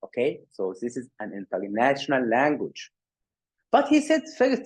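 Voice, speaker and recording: A man giving a workshop lecture on physical therapy, animated, often repeating words and restarting. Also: medium pitch, normal speed, breathy edge. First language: Arabic.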